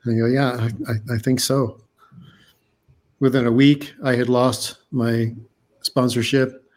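A man talks as an interview guest, earnest and halting, stopping to restart his sentences. His voice sits in an ordinary middle pitch. He sounds like he is calling in from home. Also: little pitch movement, a little mellow. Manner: earnest storyteller, many restarts and fillers. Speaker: guest, underwater diver and cameraman. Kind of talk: casual interview talk.

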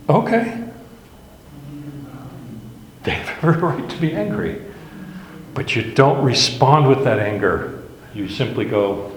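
A man teaching a Bible lesson in a conversational, storytelling way, often laughing at his own anecdotes. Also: on the high side. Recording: echoey hall with faint background noise.

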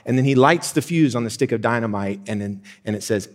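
Young guy pastor preaching, gets loud and hyped then drops real quiet on the big words. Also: mid-range voice. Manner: excited, emphatic preaching that drops to quiet, slow stresses. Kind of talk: sermon.

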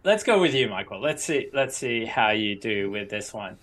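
A man's voice: fairly low pitch, very animated, moderate pace, fairly bright tone. A man, guest co-host on a podcast, chatting casually and playfully. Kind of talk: casual chat.

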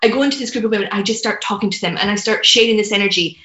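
A woman's voice: mid-range voice, rapid-fire, sharp tone. A woman guest sharing a heartfelt personal story, earnest, with lots of fillers. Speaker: podcast guest, business mentor. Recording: roomy, dull lo-fi sound.

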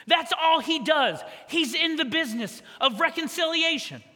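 A man preaching a sermon as pastor, conversational and energetic with quick asides to the congregation. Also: very high-pitched. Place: church hall. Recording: long church hall reverb.

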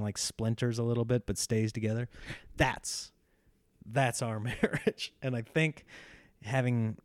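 A man's voice: mid-range voice, dry recording, clean studio sound. A man in his thirties talking casually in a rambling monologue, laughing often at himself.

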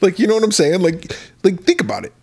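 A man's voice: sits high, big pitch swings, quick pace, vocal fry, a little mellow, husky. A man co-hosting a film podcast in casual chat, telling a story with frequent swearing and laughter. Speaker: podcast co-host.

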